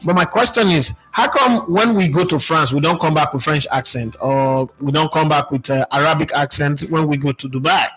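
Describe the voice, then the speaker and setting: A Nigerian man hosting a football talk show, speaking in a fairly high voice. He is animated and leans on rhetorical questions, his pitch often jumping up. Faint music plays behind him. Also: normal speed, few pauses, husky. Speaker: sports channel host. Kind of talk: casual opinion commentary.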